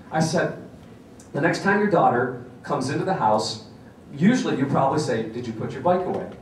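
A man's voice: fairly high pitch, lively intonation, a little fast. A man giving a conference talk, telling a story with many fillers and restarts and acting out the dialogue. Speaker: seminar speaker. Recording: echoey hall, distant mic, faint hiss.

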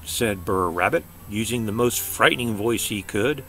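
A man's voice: fairly low pitch, normal speed, hardly any pauses, fairly bright tone, breathy edge, faint music behind. An older man reading a children's story aloud in a chatty way, stopping to explain things.

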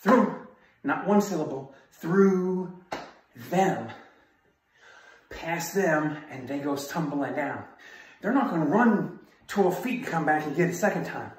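A man's voice: fairly high pitch, animated, normal speed. A man giving a self-defense training talk as an instructor, in a punchy, emphatic style of short barked phrases. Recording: very echoey room, far from mic.

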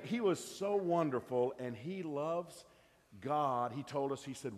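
Excitable pastor in a reverberant hall. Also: male voice, mid-range voice, moderate pace. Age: 50s. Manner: lively, folksy storytelling with bursts of excitement. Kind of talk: church announcement and story. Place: large church auditorium.

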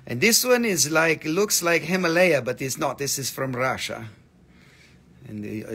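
A man's voice: on the high side, lively intonation, normal speed, a bit bright, slightly rough. A man chatting casually and joking with viewers while selling mineral specimens on a livestream, swearing freely. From US East Coast. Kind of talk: casual live-sale chat.

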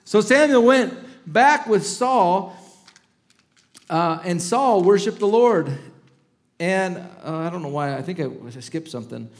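A man's voice: sits high, animated, measured pace, pauses often. A middle-aged male pastor preaching a sermon, reading scripture aloud with dramatic emphasis and breaking into casual asides.

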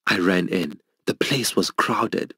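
Speaking slowly in a husky voice with a bright, forceful tone, a middle-aged preacher recounts a personal story as sermon testimony. His storytelling is earnest and emotional, and he raises his pitch for others' lines. The recording is dry.

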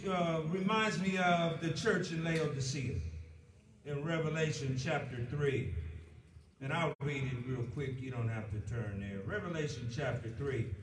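A man with an American accent preaching in a church, his fairly high voice slow and deliberate as he drives each point home with rising force. The sound is roomy and echoing, caught from a mic some distance away, with faint noise underneath. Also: fairly bright tone. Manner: preaching with rising emphasis and slow drawn-out stresses. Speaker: pastor. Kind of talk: sermon. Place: church sanctuary.

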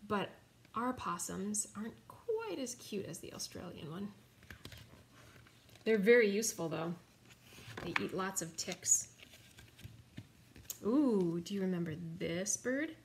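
A woman's voice: mid-range voice, expressive, slow pace, pauses often, slight background noise. A woman reading a picture book aloud to children, chatting and asking them questions along the way. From United States. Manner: chatty, asks listeners questions. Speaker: storybook reader.

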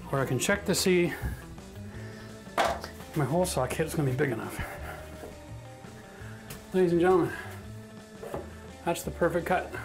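A man with a chatty, self-mocking manner who laughs often, teaching a casual DIY tiling tutorial on a bathroom job site. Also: a little high. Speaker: renovation instructor.

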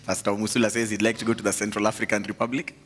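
A man's voice: fairly low pitch, little pitch movement, noisy background. A man preaching an interactive sermon, joking and teasing the congregation. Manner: joking, teasing, quick to laugh. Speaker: pastor. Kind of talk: interactive sermon with audience questions. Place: large church hall. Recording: reverberant church hall with faint ambience.

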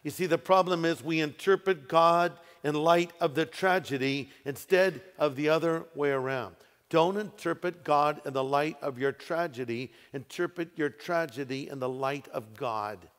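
A man preaches a sermon in a big hall with a long echo trailing his words. His voice sits a bit higher than most men's, and he slows down and leans on key phrases for emphasis. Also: fairly bright tone. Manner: preaching with emphatic rises and slowed, stressed phrases. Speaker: pastor. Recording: echoey hall with long reverb.

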